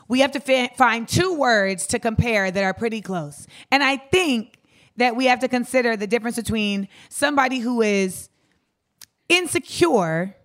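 A woman's voice: fairly high pitch, fairly bright tone. A woman hosting a live podcast in front of an audience, talking casually and frankly with slang and swearing, laughing often. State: losing her voice. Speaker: podcast host. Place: live show venue with audience.

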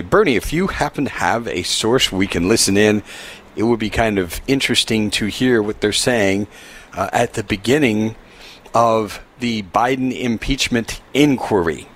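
A man hosting a live radio talk show, giving upbeat announcements and emphatic commentary. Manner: animated, upbeat pitch swings, emphatic.

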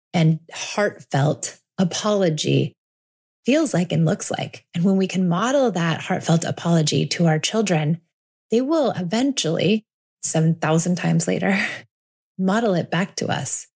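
A woman in her forties hosting a parenting podcast, talking earnestly and reflectively, slowing down to stress her points. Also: on the low side, darkish tone, breathy edge. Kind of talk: reflective solo podcast talk.

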